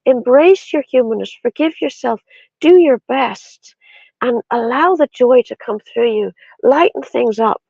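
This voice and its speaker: A woman from Ireland, a shamanic practitioner, telling spiritual stories in a soft, reflective way with many pauses and fillers in an interview. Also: fairly high pitch, creaky, breathy edge, no echo. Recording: dull lo-fi sound.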